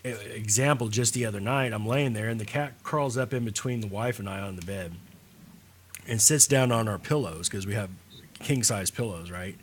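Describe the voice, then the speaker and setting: A man co-hosting a radio chat, talking in a relaxed, rambling way. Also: on the low side, moderate pace, slight background noise. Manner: relaxed, rambling, lots of fillers. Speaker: radio show co-host. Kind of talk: casual chat.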